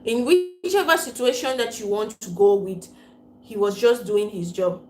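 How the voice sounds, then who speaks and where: Speaking at normal speed in a medium-pitched voice, a Cameroonian-accented woman reads out viewer comments on her casual livestream, laughing a lot and blending pidgin into her English. A roomy echo and faint room noise color the audio.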